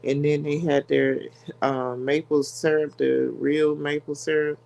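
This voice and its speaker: A woman's voice: sits low, gravelly. A woman hosting a podcast, chatting casually and animatedly, laughing as she tells stories. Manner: animated, laughs often, drawn-out storytelling. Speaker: podcast host. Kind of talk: casual chat.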